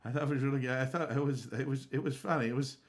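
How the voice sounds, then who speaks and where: A man's voice: mid-range voice, fairly even intonation, racing. A man streaming a game, chatting casually and rambling from one topic to the next. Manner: rambling, conversational. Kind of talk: casual live-stream chat.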